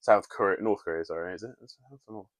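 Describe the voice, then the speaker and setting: A man's voice: low voice, fast talker, no echo. A man co-hosting a podcast, chatting casually and laughing often, trailing off mid-sentence. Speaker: podcast co-host. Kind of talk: casual chat.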